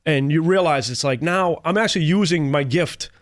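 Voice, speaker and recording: A comedian tells his stories in a lively, casual way. He keeps jumping into the voices of the people in them. His voice sits a bit high and is recorded close and dry, with no room echo. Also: normal speed. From Cambridge, Massachusetts. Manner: animated, acts out other people's lines in shifting voices. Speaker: comedian guest. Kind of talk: casual storytelling.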